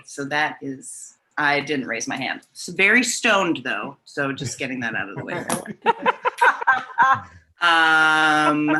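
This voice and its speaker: A woman's voice: rumbling low, sharp tone. A woman doing a stand-up set from her kitchen, rambling and self-deprecating, laughing at her own jokes. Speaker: stand-up comedian. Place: home kitchen. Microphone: video call.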